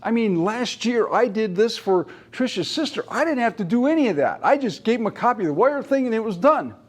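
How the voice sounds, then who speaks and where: A man's voice: high voice, lively intonation, a little fast, pitched above the performer's own voice. A man voicing a skeptical father who does not want to hand over his bank statement, in a whiny, protesting tone. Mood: reluctant. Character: reluctant skeptical father of a borrower.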